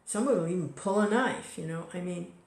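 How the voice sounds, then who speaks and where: A woman's voice: on the low side, moderate pace, a little mellow. A woman giving an informal devotional talk in a conversational way, full of "you know" and small restarts. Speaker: devotional speaker. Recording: echoey room recording.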